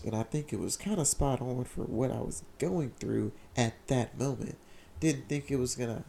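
A young man candidly telling a personal story in casual slang, often halting and repeating his words. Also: mid-range voice, gravelly, mellow, slight background noise. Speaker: vlogger sharing a personal story.

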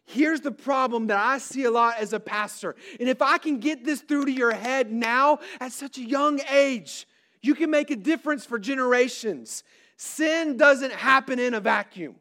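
A middle-aged male pastor preaching a sermon to a large crowd, pressing his points with rising emphasis and drawn-out stressed words. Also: very high voice, fairly bright tone. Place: large hall before a crowd.

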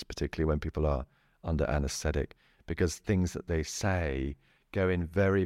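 A middle-aged man speaking as a therapist guest in a relaxed interview, chatty, laughing often and restarting his sentences. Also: rumbling low, dry recording, clean studio sound. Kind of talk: casual interview talk.

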